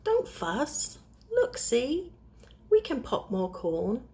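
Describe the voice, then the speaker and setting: Woman voicing a small cheerful storybook mouse, high and reassuring. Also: huge pitch swings, drawn-out words, darkish tone, heavily acted. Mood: soothing. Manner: chirpy, reassuring. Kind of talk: storybook reading.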